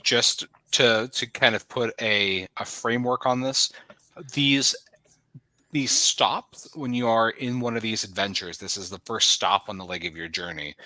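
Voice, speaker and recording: A man's voice: on the low side, unhurried, sharp tone, no room sound, poor audio. A man running a tabletop game as game master, narrating scenes evocatively.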